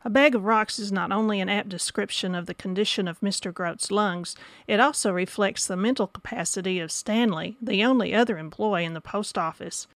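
A woman reads a scripted review in a steady, mid-pitched voice. The recording is dry and close. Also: fairly quick, few pauses, no echo. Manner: even, read from script. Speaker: book reviewer.

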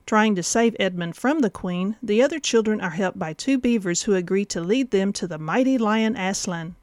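A woman's voice: mid-range voice, darkish tone, no echo, clean studio sound. Woman reading a book review script. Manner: measured, clear, read from script. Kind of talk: scripted narration.

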